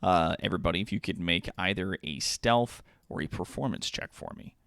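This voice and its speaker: A man's voice: sits low, fairly quick, gravelly, a bit bright, clear, resonant tone, no echo, clean studio sound. A man narrating as game master for a tabletop game, casual with many fillers.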